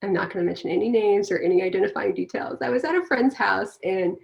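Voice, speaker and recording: A woman's voice: medium pitch, quick pace, vocal fry, muffled recording. A woman guest in a casual interview, speaking candidly and telling stories with animation.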